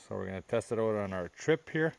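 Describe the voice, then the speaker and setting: A man with a low, gravelly voice chats easily through a camping vlog by a lake. His talk is relaxed and friendly, with faint outdoor noise in the background. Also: quick pace. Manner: chatty, easygoing, laughs often. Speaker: vlogger. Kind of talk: casual outdoor vlog narration. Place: outdoors at a lakeside campsite.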